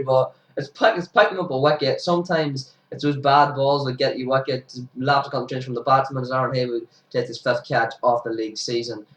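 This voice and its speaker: A young man, sniffly with hay fever, giving casual commentary over his club's cricket highlights and bursting into excited shouts at big moments. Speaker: amateur cricket commentator for his own club. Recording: roomy sound, distant from the mic.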